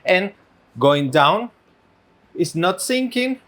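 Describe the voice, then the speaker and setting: A man's voice: sits high, animated, slow, fairly bright tone. A man co-teaching tango who explains the technique step by step and speaks to the leaders. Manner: explains technique and agrees with partner. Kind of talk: dance lesson instruction.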